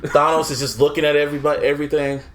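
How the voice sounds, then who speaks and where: A man on a podcast, excitedly retelling a movie with laughs and swearing and acting out quotes. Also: a little high, racing, a crowd in the background. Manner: animated, laughs often, swears a lot, acts out quotes. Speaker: podcast co-host. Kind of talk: casual chat, retelling a movie.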